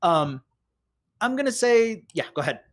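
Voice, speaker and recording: A game master narrating a tabletop role-playing game in a chatty, lively way. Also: mid-range voice, normal speed. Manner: lively, chatty storytelling with fillers.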